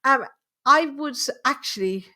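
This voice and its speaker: A woman's voice: high-pitched, lively intonation, unhurried, pushed and bright. Chatty Irish woman hosting a live stream. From Ireland. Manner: chatty, greets viewers and reads the chat aloud. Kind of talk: casual live-stream chat. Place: at home at her computer.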